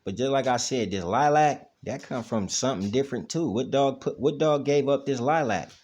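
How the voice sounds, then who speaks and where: This man's medium-pitched voice is a little mellow and moves at a moderate pace. Playing with his dog at home, he chats casually for his dog vlog, rambling and saying "you know what I mean" over and over, captured indoors on the camera's microphone.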